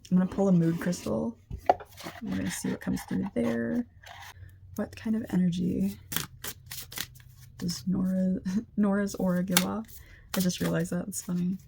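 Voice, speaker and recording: A woman's voice: on the low side, gravelly, warm tone, a little hiss or hum. A young woman giving a casual, empathetic energy reading, chatty and full of "like" fillers. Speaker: energy reader. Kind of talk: casual spiritual reading to camera.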